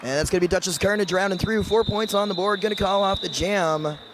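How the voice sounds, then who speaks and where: A man commentating roller derby live, giving steady play-by-play with dry quips. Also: high voice, a little fast, background noise.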